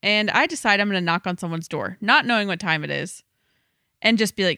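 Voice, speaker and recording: A woman telling a wild story in casual podcast chat, animated and full of "like". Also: mid-range voice, a little fast, no room sound, clean studio sound.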